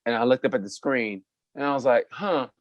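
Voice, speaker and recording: A man's voice: medium pitch, quick pace, dry recording. Profane storytelling man from Oklahoma. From Oklahoma, USA. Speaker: podcast co-host. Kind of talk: casual chat.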